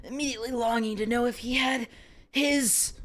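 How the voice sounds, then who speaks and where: Giggly, high-voiced young woman streamer. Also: steady tone, moderate pace, fairly bright tone.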